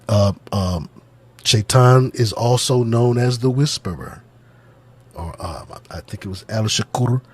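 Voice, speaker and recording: A man giving spoken religious commentary on song lyrics, talking in a deliberate, musing, sermon-like way and circling back to repeat his points. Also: on the low side, darkish tone, husky, no room sound. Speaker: channel host, religious music commentator.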